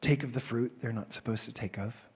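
A man delivers a sermon as a pastor. His voice is a little husky and sits at an ordinary pitch for a man. He rises into loud, animated calls, then drops to soft, hushed passages. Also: a little fast.

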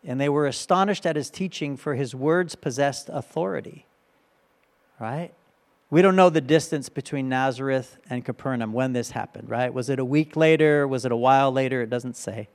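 A man's voice: medium pitch, normal speed. A male pastor giving a conversational sermon, often checking in with his listeners by asking "right?".

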